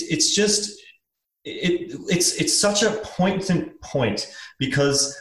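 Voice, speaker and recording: A man chatting as a podcast guest, telling a parable with lively energy. He jumps his pitch up when he quotes other people. His voice rings in a roomy space. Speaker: podcast guest, business author. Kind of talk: casual podcast storytelling.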